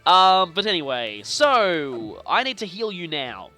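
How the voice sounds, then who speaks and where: A young man casually commenting on his video game play, chatty and playful with animated reactions. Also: sits high, a little slow. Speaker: let's play host. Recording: faint game music behind.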